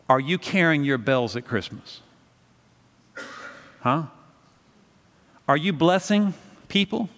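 Animated high-voiced male preacher, reverberant hall. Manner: animated storytelling, acts out voices. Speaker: pastor. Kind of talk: sermon.

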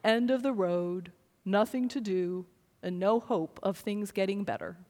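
A woman voicing a gloomy, defeated male donkey in a slow, hopeless drone, in a hall with long reverb. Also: medium pitch, a little mellow, pitched below the performer's own voice, natural voice.

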